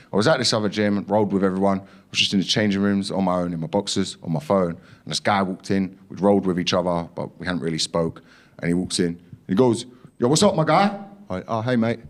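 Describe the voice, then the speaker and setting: Young comic on a club stage, brash and sweary, does loud voices for people in his stories. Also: on the low side. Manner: brash, swearing, acts out others in raised voices. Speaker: stand-up comedian. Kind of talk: stand-up comedy set.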